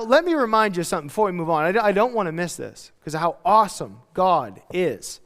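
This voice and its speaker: A male pastor preaching a casual, animated sermon, acting out quotes as he goes. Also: high voice, big-room sound. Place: church hall.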